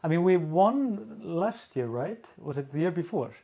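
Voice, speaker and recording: A man with an Icelandic accent, hosting a casual video-call Q&A as an editor, talking haltingly with many fillers and restarts. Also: on the high side, big pitch swings, dark tone, lo-fi sound. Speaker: editor-in-chief, co-host.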